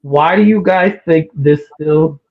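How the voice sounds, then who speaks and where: A man's voice: a little high, slow pace. A man co-hosting a casual sports talk show, opinionated and getting worked up as he talks. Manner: opinionated, gets worked up and animated. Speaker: podcast co-host. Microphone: remote call over a livestream. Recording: tinny phone-like line.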